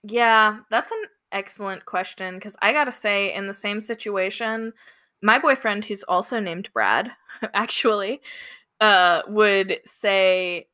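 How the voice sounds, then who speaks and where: Bright-voiced giggly young woman podcaster. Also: medium pitch, slow pace. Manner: giggly, chatty, many fillers like "like". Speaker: podcast co-host. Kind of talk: casual chat.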